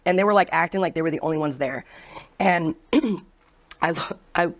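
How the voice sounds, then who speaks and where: A woman's voice: lowish voice, normal speed. Chatty woman bartender telling stories. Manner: animated, chatty, laughs while telling stories. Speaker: bartender guest. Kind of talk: casual storytelling.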